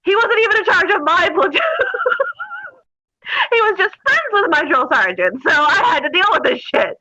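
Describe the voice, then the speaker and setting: A woman's voice: extremely high pitch, normal speed, lo-fi sound. A woman guest telling crude, funny stories in a casual interview, laughing as she goes. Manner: animated, laughing, crude humor.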